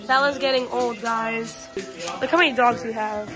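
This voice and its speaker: High-pitched young woman vlogging at home on her phone, giggly, music playing. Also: fairly even intonation, normal speed. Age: young adult. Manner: bubbly, gushing, giggly. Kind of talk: casual home vlog narration. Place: busy family home indoors. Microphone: handheld phone camera.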